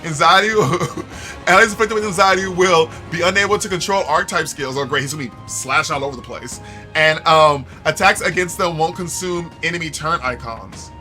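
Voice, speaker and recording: A man's voice: on the high side, normal speed, sharp tone. A man streaming a video game, joking and reacting animatedly while he talks to his chat. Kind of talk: casual gameplay commentary. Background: game music.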